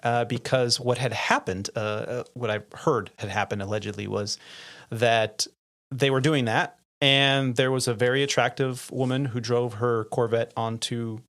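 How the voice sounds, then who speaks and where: A middle-aged man, a podcast host and pilot, telling lively anecdotes in casual chat, laughing often and acting out the lines of the people in his stories. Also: medium pitch, normal speed. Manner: animated anecdotes, laughs often, acts out quotes.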